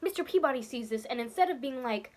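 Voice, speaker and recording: Brief: young female vlogger, emphatic and exasperated, fairly high voice, repeats lines for punch. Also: animated, fast talker, a little mellow. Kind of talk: casual vlog rant about a film.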